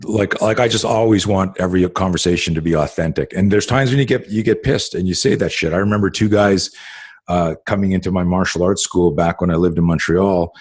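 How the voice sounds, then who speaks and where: A man's voice: deep voice, brisk, darkish tone, breathy edge, dry recording. A middle-aged man in casual conversation as a podcast host, rambling through stories with lots of fillers and swearing.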